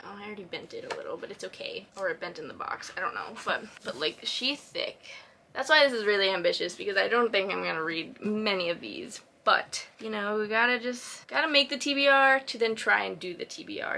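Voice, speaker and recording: Gushing young woman with a gravelly edge. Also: medium pitch, a little hiss or hum. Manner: gushing and excitable, many fillers. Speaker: book vlogger. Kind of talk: casual chat. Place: home room with bookshelves.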